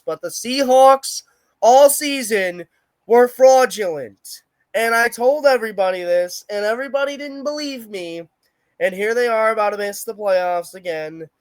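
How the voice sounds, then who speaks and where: Young guy cohosting a sports podcast, pretty high voice, brash and mouthy, dry close sound. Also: clean tone, no echo. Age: young adult. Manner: brash, opinionated trash talk. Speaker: podcast co-host. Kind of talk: casual sports chat.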